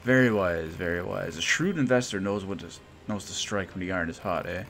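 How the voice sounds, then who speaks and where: A man voicing a swaggering robot inventor in a video game, all grand theatrical boasts and old-fashioned flourishes, forever angling for funds. The voice sits fairly low and is delivered with pompous self-importance. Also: a little fast, vocal fry, fairly bright tone.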